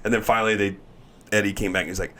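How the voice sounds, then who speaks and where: Male athlete guest, low voice, animated storyteller in casual chat, acts out quotes. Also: very fast. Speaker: guest, MLB pitcher.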